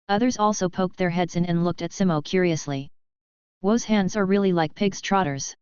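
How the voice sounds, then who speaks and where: A woman reading a fan-fiction audiobook in an even, unhurried scripted narration. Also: on the low side, clear, resonant tone, no echo, highs cut off.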